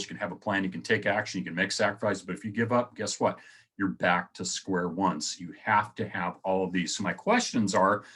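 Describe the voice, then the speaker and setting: Low, husky-voiced man giving motivational tips. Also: fairly bright tone. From United States. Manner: conversational, repeats phrases, addresses viewers as guys. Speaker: motivational video host. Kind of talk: casual motivational talk to camera.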